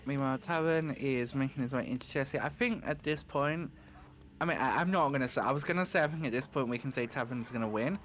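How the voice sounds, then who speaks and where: A man's voice: medium pitch, fast talker, a bit bright. A man commentating a speedrun in casual chat, teasing his co-host and talking to chat.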